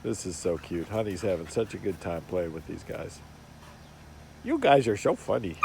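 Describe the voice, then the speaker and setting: Gravelly-voiced man talking to his dogs. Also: low voice, very animated, normal speed, slight background noise. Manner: coaxing and gently scolding the dogs. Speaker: dog owner filming his pets. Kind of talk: casual talk to pets. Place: outdoors in a yard.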